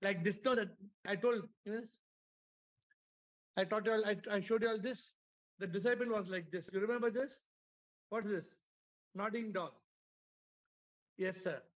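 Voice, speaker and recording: A man's voice: sits high, normal speed, pauses often, dull audio. A man with an Indian English accent giving a spiritual talk. He tells stories, repeats his points and asks his listeners questions. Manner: storytelling, repetitive, asks the audience questions. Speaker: spiritual teacher. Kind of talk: spiritual talk to an online audience. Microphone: video call.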